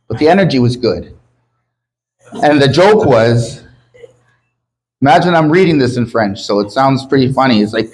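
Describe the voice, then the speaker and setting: Poor audio captures a man from Canada with a mid-range, darkish voice performing stand-up for a live comedy club crowd. His humor is crude and self-deprecating, full of swearing, aimed at his hometown and his sobriety.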